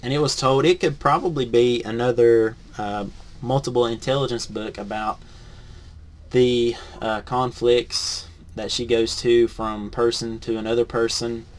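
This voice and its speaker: A man, a teacher in training, reads a picture book aloud with lively rises on the punchlines, then reviews it softly and hesitantly. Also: medium pitch, a little slow. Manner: lively storybook reading, rising on punchlines, then soft and hesitant when reviewing.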